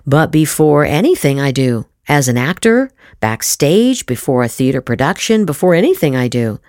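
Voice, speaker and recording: Low-voiced woman teaching voice acting. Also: normal speed, no echo, studio quality. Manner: animated, repeats herself, many restarts. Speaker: voice acting teacher, podcast host. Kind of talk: casual instructional talk.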